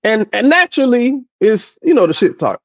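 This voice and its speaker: A man in casual podcast chat, telling an animated story full of impressions and laughter. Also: very high-pitched, moderate pace, no echo, dull audio. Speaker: podcast co-host.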